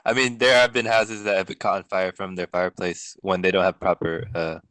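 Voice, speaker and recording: A man's voice: low voice, little pitch movement, fairly quick, a bit bright, smooth, no echo. A man guest in a casual livestream chat, making dry jokes and laughing easily.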